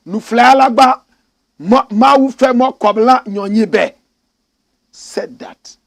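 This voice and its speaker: A man's voice: high-pitched, vocal fry, darkish tone, slightly rough, no room sound. A man with a Ghanaian accent giving opinionated, sarcastic news commentary, reading stories aloud and jabbing at their subjects.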